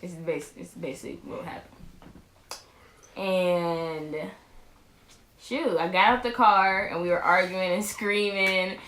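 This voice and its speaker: A woman's voice: fairly low pitch, steady tone, slow, pauses often, fairly bright tone, slight background noise. A young woman, a vlog co-host, rambling casually through a storytime with lots of restarts. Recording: roomy echo.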